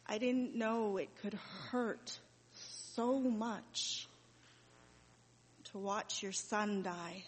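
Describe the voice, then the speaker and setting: A woman playing Mary, a grieving mother recalling her son's death, in a slow, emotional dramatic monologue with heavy pauses, heard in a reverberant hall. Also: medium pitch, slightly rough. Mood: sorrowful.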